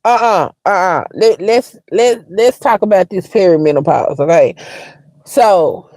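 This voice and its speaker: A woman's voice: fairly low pitch, measured pace, dry recording. Blunt woman telling stories, dry sound. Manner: blunt and frank, swears freely, wry and expressive. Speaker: livestream host. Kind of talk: casual storytelling to viewers.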